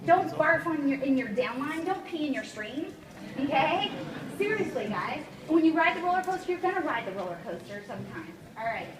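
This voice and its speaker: High-voiced woman rallying a seminar crowd. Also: fairly quick, noisy background. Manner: energetic, emphatic, keeps checking in with "okay?" and "guys". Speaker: network marketing trainer. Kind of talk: motivational seminar talk. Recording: echoey room, voice from far off, faint ambience.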